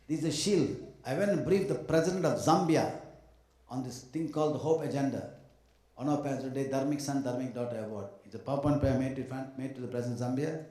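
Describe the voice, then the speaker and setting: Man, devotional speaker to a crowd of devotees, mellow voice, lively storyteller who mimics people, heavily echoing hall. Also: medium pitch. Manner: animated storytelling, mimics other people, joking asides. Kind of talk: devotional talk with anecdotes. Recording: echoey hall sound.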